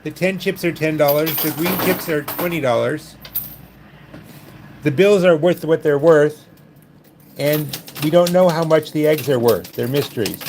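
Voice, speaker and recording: A man's voice: fairly high pitch, unhurried, darkish tone, slight background noise. Wry man hosting a livestream. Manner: wry, joking with chat. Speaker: livestream host. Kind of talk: casual livestream chat. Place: gaming club.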